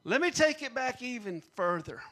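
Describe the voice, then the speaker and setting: High bright guy preaching a sermon, repeats his punchlines, gets the crowd to answer back. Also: very animated, moderate pace. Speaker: pastor.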